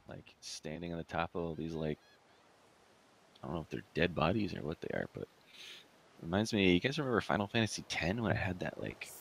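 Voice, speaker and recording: A man's voice: sits low, very animated, a little fast, vocal fry, slightly rough. A man playing a video game with friends, rambling and amused as he chats. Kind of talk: casual let's play chat.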